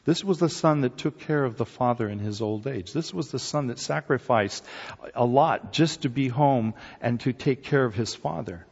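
A man preaching a sermon, retelling a parable with lively storytelling and acting out the figures' voices with rising excitement. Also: medium pitch, normal speed, vocal fry, slightly rough, long reverb tail, lo-fi sound.

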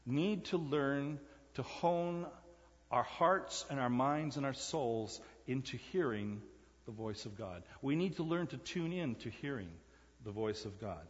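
A man preaching a sermon in a church, emphatic, repeating key phrases and swinging from loud to hushed. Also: medium pitch, animated, a little slow. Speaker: pastor. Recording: echoey church hall, dull lo-fi sound.

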